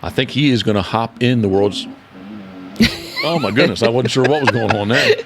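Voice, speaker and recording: A man's voice: mid-range voice, normal speed, background noise. A man hosting a casual podcast, rambling and correcting himself often as he talks. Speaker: podcast host and decoy carver.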